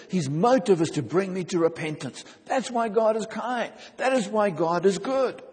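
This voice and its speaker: A man preaching in a high, light voice, earnest and emphatic, leaning on repeated phrases. The sound rings with the long reverb of a church hall. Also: expressive, normal speed, a little mellow. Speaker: pastor. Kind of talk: sermon.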